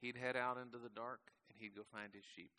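A man preaching with a bright, forward tone that stays in a middle pitch. He talks to his congregation as if in conversation, tossing them questions. He often slows down and lets his voice sink quietly at the end of a thought. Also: fairly even intonation. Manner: slows and drops softly at the ends of phrases. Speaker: pastor. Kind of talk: sermon.

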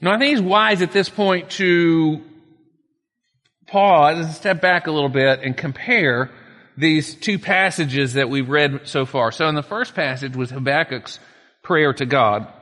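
A man's voice: on the high side, measured pace, a bit bright, in a large hall. A man preaching a sermon in a conversational way, reading scripture aloud and adding folksy asides. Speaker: pastor.

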